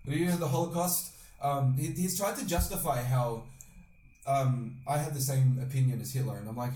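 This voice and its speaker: A young man hosting a podcast, telling a long rambling story with lots of swearing and loudly acted-out quotes. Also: mid-range voice, normal speed. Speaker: podcast host. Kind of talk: casual storytelling chat. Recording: echoey room, distant mic.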